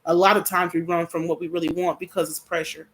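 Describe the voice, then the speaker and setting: A young adult woman giving a live tarot reading in a blunt, profane, slangy way, breaking into loud laughter often. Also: on the low side, level tone, fast talker. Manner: casual slangy talk. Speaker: tarot reader.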